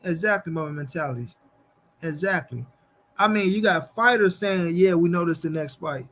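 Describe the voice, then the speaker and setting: A man with a slightly high, fairly bright voice talks at a normal pace while hosting a laid-back boxing livestream. He reads viewer comments and speaks directly to his chat in slang, repeating phrases for emphasis.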